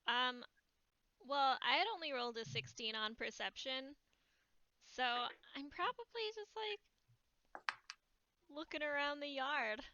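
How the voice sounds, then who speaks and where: A woman's voice: high voice, slow pace, pauses often, sharp tone, muffled recording. A woman playing a tabletop game, talking casually and hesitantly about her character. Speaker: player.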